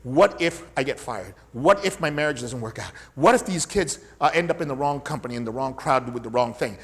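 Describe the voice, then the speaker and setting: A man's voice: mid-range voice, animated, fairly quick. A middle-aged man, a fitness coach and podcast host, teaching in an emphatic style with repetition and rhetorical questions. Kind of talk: energetic teaching monologue.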